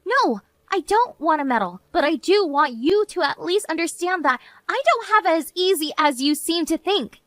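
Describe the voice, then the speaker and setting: A woman's voice: very high voice, moderate pace, few pauses, no room sound. A woman voicing a worn-out young wife and mother who argues earnestly with her husband. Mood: pleading. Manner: earnest, pleading, then flat and resigned. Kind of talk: animated story narration.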